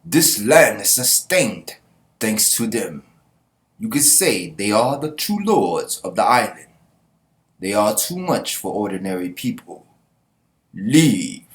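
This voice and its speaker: A man voicing a grave skeleton knight, put-on accent, slow, measured. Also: on the low side, expressive. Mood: solemn.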